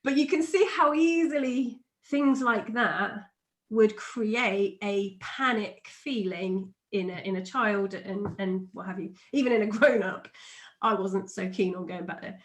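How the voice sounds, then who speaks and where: A middle-aged woman, an NLP trainer, explaining a method and telling a personal story in a chatty, animated way, laughing often. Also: medium pitch, measured pace. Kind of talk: teaching explanation with personal anecdote.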